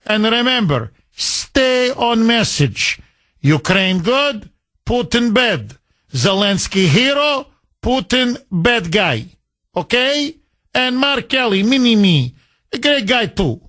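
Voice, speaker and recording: A man's voice: very high-pitched, big pitch swings, slow pace, pushed and bright, voice pushed up, exaggerated voice. A man putting on the voice of a male Soviet-style propaganda boss giving orders in clipped, broken English. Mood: ordering.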